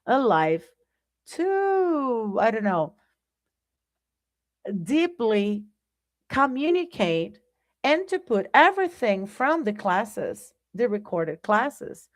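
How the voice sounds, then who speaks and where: A woman teaching a live online English lesson, speaking deliberately and often checking in with "right?". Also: mid-range voice.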